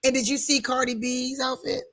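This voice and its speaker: A middle-aged woman co-hosting a casual chat, relaxed and laughing often. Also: high voice, fairly quick. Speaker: co-host.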